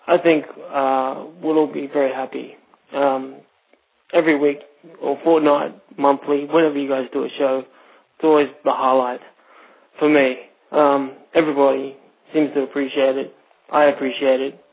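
A man's voice: mid-range voice, little pitch movement, normal speed, creaky, breathy edge. A man with an Australian accent leaving a rambling, friendly voicemail for the hosts. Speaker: voicemail caller. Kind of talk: phoned-in voicemail message. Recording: tinny phone line.

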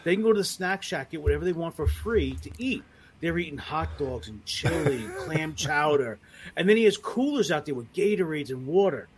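A man co-hosting a podcast, telling animated, profane stories in casual chat. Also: fairly high pitch, a little fast, background noise. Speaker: podcast co-host.

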